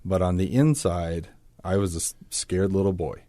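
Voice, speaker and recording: A man's voice: sits low, normal speed, mellow, no room sound, clean studio sound. A man as a podcast guest, telling his personal story in an earnest, reflective way.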